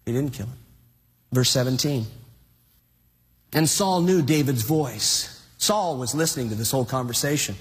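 A man preaching a sermon, telling a story with animated energy and urging his listeners to wake up. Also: mid-range voice, normal speed, pauses often. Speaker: pastor. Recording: long hall reverb.

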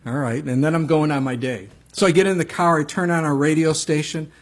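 Here a pastor preaches in a chatty way, mixing scripture readings and stories with many asides to the people in the pews. The male voice sits fairly high, moves briskly, and keeps a fairly even intonation.

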